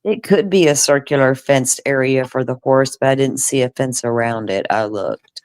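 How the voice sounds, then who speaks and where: A woman's voice: extremely low pitch, normal speed, a little mellow, no room sound. A woman co-hosting a true crime livestream, chatting casually and rambling with many fillers.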